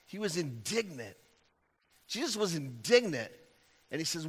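A man's voice: a little high, big pitch swings, measured pace, pauses often, slightly rough. A man preaching a sermon in a conversational, storytelling way, acting out the people in his stories. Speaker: pastor. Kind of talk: sermon with a joke. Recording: long hall reverb.

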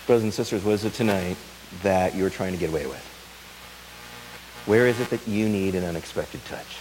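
A man pastor preaching a sermon, dramatic, swinging from loud urgency to a soft tender hush. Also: deep voice, brisk, slight background noise, poor audio.

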